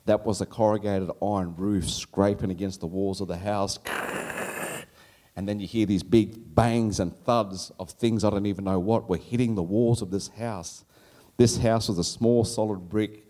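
A middle-aged Australian man telling a personal story on stage at a live storytelling event, animated and laughing as he goes, his voice leaping up when he quotes his younger self. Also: fairly low pitch, normal speed.

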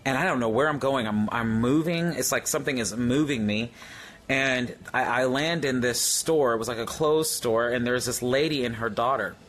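A man, excitedly sharing a spiritual testimony in a casual, halting way full of fillers and restarts. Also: medium pitch, a little hiss or hum.

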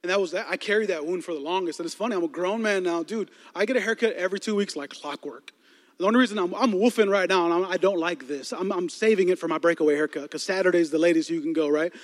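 A young Chicago-area man, United States, gives a sermon to young people through a personal story, his high voice moving at a quick pace with a big-room sound. He animatedly acts out characters' voices and often stammers and repeats himself.

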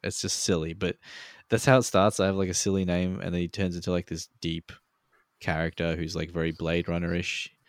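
Swearing freely and rambling in a relaxed way, a man co-hosts a casual podcast over a remote call. He speaks fairly quickly in a low voice with little pitch movement, and the recording is dry with clean studio sound.

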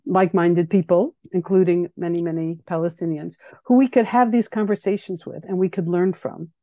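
An earnest woman tells her story in a radio interview, her voice mellow and slightly low. She speaks in a measured way, often pausing to think things through. The sound is dry and a little dull. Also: dry recording. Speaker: guest speaking about her activism. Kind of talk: reflective personal account on public radio.

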